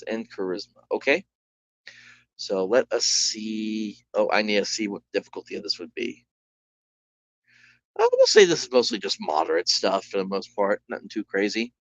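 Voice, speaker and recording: In a dull, lo-fi recording with no room sound, a man with a fairly low, slightly bright voice narrates a solo tabletop game. His casual delivery rambles, filled with "like," restarts and self-corrections.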